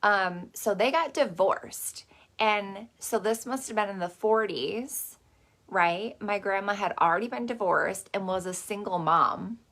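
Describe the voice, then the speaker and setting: A woman's voice: medium pitch, pushed and bright. A woman hosting a motivational masterclass in a casual, chatty, salty way, dropping lots of "like" and "okay". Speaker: host.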